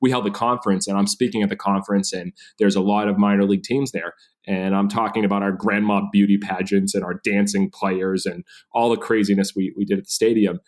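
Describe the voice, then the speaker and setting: A man's voice: fairly low pitch, fairly even intonation, brisk, darkish tone. A man in his thirties, a podcast guest telling his story with energy and animation. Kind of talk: storytelling interview.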